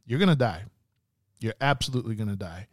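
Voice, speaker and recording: A man's voice: fairly low pitch, lively intonation, fast, dry recording, studio quality, natural voice. A man retelling a story, voicing a blunt sword teacher giving advice before a duel. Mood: urging. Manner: blunt, profane.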